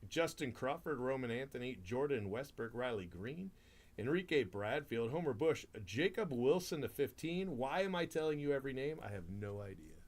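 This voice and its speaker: A man's voice: mid-range voice, expressive, normal speed. Guy hosting a card break stream, chatty, laughs a lot, voice goes up and down a ton. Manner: chatty, laughs often, rattles off player names. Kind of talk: casual live-stream chat.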